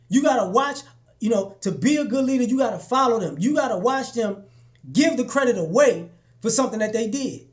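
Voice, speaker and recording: A young man giving a casual motivational talk to his followers, preaching and repeating himself, often acting out little exchanges in a lower voice. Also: animated, fairly quick. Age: young adult. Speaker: motivational vlogger.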